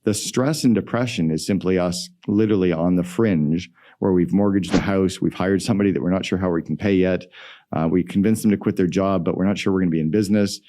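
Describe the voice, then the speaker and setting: A middle-aged man, a guest entrepreneur, telling stories in an energetic, emphatic way in a podcast interview. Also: low voice, fast.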